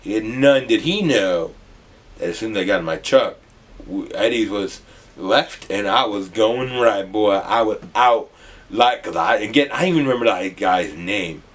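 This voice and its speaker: A young man from the US Midwest, telling a rambling, animated storytime with some swearing. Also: fairly low pitch, measured pace. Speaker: vlogger. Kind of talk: casual storytime.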